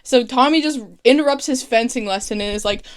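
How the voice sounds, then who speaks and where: A young woman with a higher-pitched voice recaps a show in a casual, excitable way. She swears freely and laughs as she talks. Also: brisk, smooth. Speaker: recap vlogger. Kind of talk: casual plot recap with comic voiced quotes.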